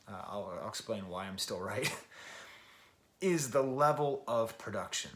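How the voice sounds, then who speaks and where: A man in his forties casually talking through an album review, rambling and self-deprecating, jumping between loud emphatic bursts and low mutters. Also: moderate pace. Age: 40s. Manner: rambling and self-deprecating, with frequent laughs and restarts. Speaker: music review vlogger. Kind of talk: casual spoken record review.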